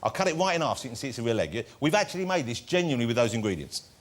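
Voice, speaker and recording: A man's voice: mid-range voice, big pitch swings, racing. A man hosting a talk show, joking and self-mocking in comic studio banter before a live audience. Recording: broadcast studio with loud crowd. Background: loud audience laughter and noise.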